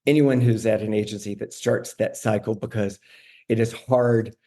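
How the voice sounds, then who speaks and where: A man's voice: on the low side, fairly even intonation, moderate pace, mellow. A middle-aged man telling a candid story as a podcast guest, with many "like" and "you know" fillers.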